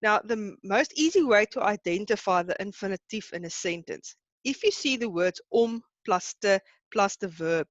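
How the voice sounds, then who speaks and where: A woman's voice: medium pitch, expressive, moderate pace, hardly any pauses, no echo. Woman teacher, online class, patient, encouraging, dry muffled sound. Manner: patient, encouraging, laughs easily. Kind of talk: online lesson.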